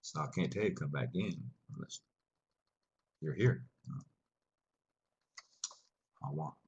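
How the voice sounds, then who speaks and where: A man's voice: extremely low pitch, slow pace, darkish tone, slight background noise. A man teaching a language class, patiently explaining and repeating words for his students in a rambling way.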